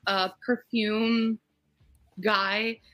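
A casual, chatty woman co-hosting a podcast, her voice at an ordinary middle pitch for a woman. She talks loosely, with plenty of filler words. The recording is dry and close. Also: level tone, very slow, fairly bright tone, no room sound, poor audio. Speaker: podcast co-host. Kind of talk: casual chat recapping a reality show.

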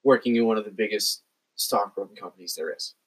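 A man's voice: fairly low pitch, fast talker, fairly bright tone, breathy edge, low-quality recording. A man on a podcast, animatedly retelling film scenes in casual discussion. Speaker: podcast co-host.

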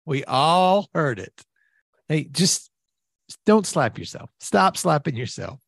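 A man co-hosting an improvised comedy podcast, animated and teasing, quick to laugh. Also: fairly high pitch, vocal fry, slightly rough, no room sound, clean studio sound. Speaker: co-host.

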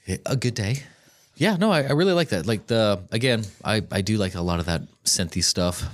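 A man's voice: lowish voice, expressive, brisk. A man co-hosting a podcast about songs, talking in an easygoing way and reading out band facts. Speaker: podcast co-host. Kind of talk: casual chat.

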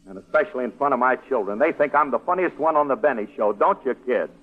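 A man's voice: mid-range voice, expressive, fast talker, natural voice. An actor playing a boastful, ungrammatical bandleader husband and father in a 1940s radio sitcom. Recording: tinny old radio broadcast.

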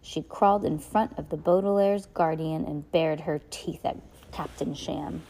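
A woman's voice: sits low, steady tone, unhurried, dark tone, rough recording. A woman reading a novel aloud in a casual way, stumbling and restarting now and then. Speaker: reader.

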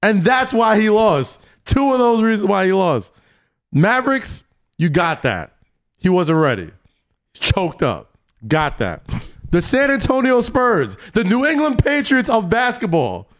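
A man co-hosting a podcast, arguing a point in a casual chat, animated and full of restarts. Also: high-pitched, measured pace, no room sound, clean studio sound. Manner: animated, argumentative, restarts often.

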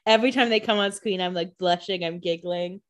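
A woman co-hosting a casual podcast, tossing in playful, profane jokes about a TV episode. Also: on the low side. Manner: playful and profane, quick jokey asides. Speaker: podcast co-host. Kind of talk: casual chat.

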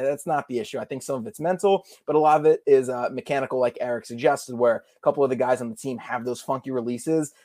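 Emphatic podcaster, dry sound. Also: male voice, medium pitch, darkish tone, dry recording. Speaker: podcast co-host. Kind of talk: casual sports analysis.

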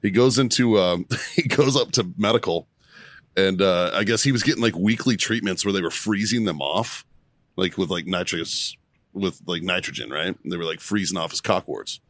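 A man's voice: low-pitched, normal speed, fairly bright tone, no room sound, clean studio sound. A man co-hosting a casual podcast, telling a crude story with laughs and acted-out quotes. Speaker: podcast co-host.

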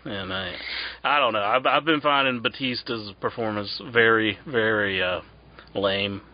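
A man's voice: on the low side, a little slow. A man with a West Virginian accent, co-hosting a podcast in a rambling, casual way. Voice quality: rambling, with many restarts and frequent "mm-hmm". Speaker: podcast co-host. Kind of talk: casual chat. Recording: muffled lo-fi podcast audio.

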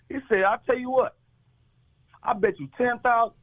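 A man's voice: normal speed, pauses often, lo-fi sound. A man calling in to a radio show and telling a long joke, acting out each character in the story. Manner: animated, plays each character with pitch jumps.

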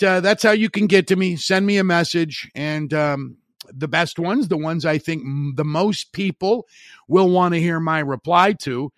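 A man's voice: fairly high pitch, a bit bright, no room sound, studio quality. A middle-aged man hosting a sports podcast, delivering a blunt, opinionated monologue with wry asides and frequent restarts. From Chicago area. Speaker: podcast host.

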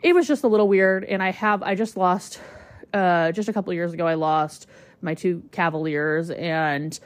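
A woman's voice: lowish voice, fairly even intonation, moderate pace, no room sound. A woman hosting a podcast, telling a personal story in a chatty, candid way and using "like" constantly. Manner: chatty, heavy use of "like", emotional and candid. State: choked up at times. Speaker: podcast host.

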